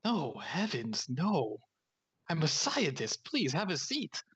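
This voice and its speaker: A man's voice: fairly high pitch, wildly swooping pitch, takes it slowly, fairly bright tone, breathy edge. A man playing a tabletop game, speaking in character as a pompous, easily flustered scientist. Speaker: player.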